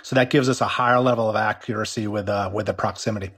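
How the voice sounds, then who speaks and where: A man's voice: on the low side, fairly even intonation, fast, fairly bright tone, husky. Exec guy in an interview, losing his voice, keeps restarting sentences. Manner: explanatory, with frequent restarts. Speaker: company executive interviewed about a workplace app. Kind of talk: remote news interview.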